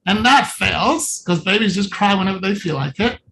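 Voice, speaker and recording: A coach giving a live presentation on a video call. The delivery is animated and playful, with little scenes acted out. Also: mid-range voice, moderate pace, slight background noise, rough recording. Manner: animated and playful, acts out little scenes while talking to a participant. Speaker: coach presenting at a virtual summit.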